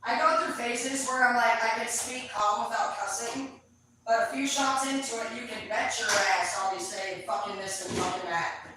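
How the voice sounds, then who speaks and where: A woman tarot reader chatting casually to her viewers, rambling, loud and full of swearing. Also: fairly high pitch, normal speed. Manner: profane, loud, animated storyteller. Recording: echoey room, distant mic, faint noise.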